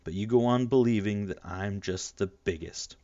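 Man reading as a mean taunting big brother, low voice, kinda dull lo-fi sound. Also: moderate pace, mellow, no echo, close to an everyday voice. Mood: menacing. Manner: taunting, mocking. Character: menacing, taunting older boy, cruel bully brother.

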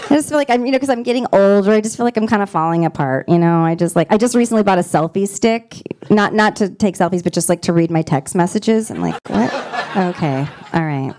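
A woman in her forties doing a stand-up comedy set on a club stage, dropping deadpan punchlines between giggles and fillers. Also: medium pitch, fast. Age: 40s.

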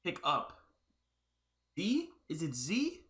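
A man giving panicky, exclaiming commentary as he plays a horror game, often yelling at the screen. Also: a little high, huge pitch swings, slow pace, very noisy. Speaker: gaming video creator. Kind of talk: live gameplay commentary. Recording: roomy echo with loud game music behind. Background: game music.

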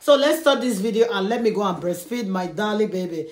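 A woman hosting a casual home vlog, laughing often as she talks slowly to the camera and her baby. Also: medium pitch, expressive, roomy sound. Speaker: vlogger.

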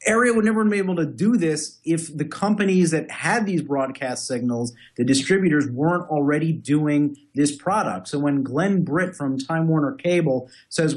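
A man's voice: a little high, moderate pace, few pauses. A man co-hosting a tech news podcast, giving firm opinions and setting out his points one by one. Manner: opinionated, lays out points in order. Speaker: podcast co-host. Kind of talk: casual tech news discussion.

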